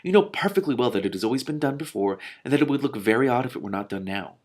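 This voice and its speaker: A man's voice: medium pitch, animated, fast, natural voice. A man voicing an exasperated, proper queen in a storybook reading, snapping at her husband.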